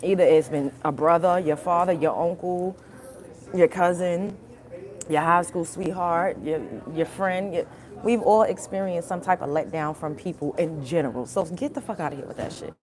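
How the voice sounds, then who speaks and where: A young woman with a slightly low voice rants casually to her livestream audience. She is blunt and emphatic, swears freely, and keeps circling back to her point while speaking straight to the viewers. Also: moderate pace, a little mellow. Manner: repetitive, addresses viewers directly. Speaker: livestream host.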